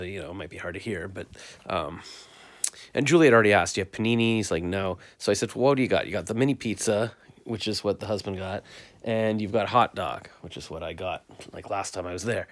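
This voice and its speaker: A man's voice: low-pitched, a little fast. A middle-aged man rambling through a casual recap of his day, filmed on a phone while tidying his bedroom. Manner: rambling, chatty, self-mocking. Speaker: vlogger. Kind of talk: casual daily recap vlog. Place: bedroom at home. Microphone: phone camera.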